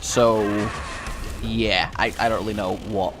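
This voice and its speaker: A young English man giving chatty, sarcastic let's-play commentary, rambling into asides and breaking into excited yelps. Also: on the low side, unhurried, noisy background. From England. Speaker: gaming YouTuber.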